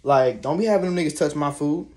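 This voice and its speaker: A man's voice: on the high side, quick pace, dark tone. A young man venting in a casual, rambling monologue, swearing freely and sounding fed up. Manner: profane, rambling, exasperated. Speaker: vlogger.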